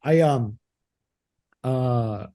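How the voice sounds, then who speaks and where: A man's voice: medium pitch, extremely slow. A man co-hosting a podcast, chatting casually and rambling with lots of restarts and acted-out quotes. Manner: rambling, animated, acts out movie lines. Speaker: podcast co-host. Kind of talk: casual chat.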